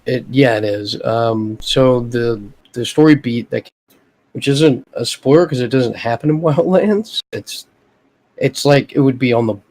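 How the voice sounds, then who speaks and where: A man co-hosting a casual gaming podcast, giving relaxed opinions full of fillers. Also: medium pitch, a little slow, rough recording. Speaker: podcast co-host.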